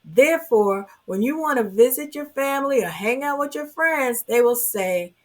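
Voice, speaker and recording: A high, animated voice carries this woman's earnest relationship advice to the camera at a moderate pace with few pauses. She speaks emphatically, frequently saying "you know" and "oh my goodness."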